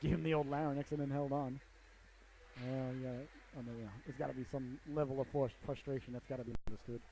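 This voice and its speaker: A man's voice: medium pitch, steady tone, brisk, gravelly, warm tone. A man doing play-by-play for a hockey game, with folksy jokes and frequent asides to the audience. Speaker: play-by-play commentator. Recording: noisy amateur broadcast audio.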